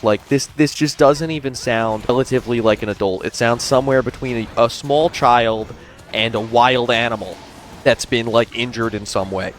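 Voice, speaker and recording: A man's voice: fairly low pitch, a little hiss or hum. Incredulous male commentary narrator. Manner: incredulous, explanatory.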